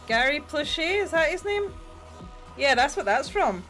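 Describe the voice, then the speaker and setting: A woman's voice: high-pitched, big pitch swings, measured pace, a bit bright, soft background music. A middle-aged woman, rambling in a casual chat while she paints on a livestream and swearing freely. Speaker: streamer.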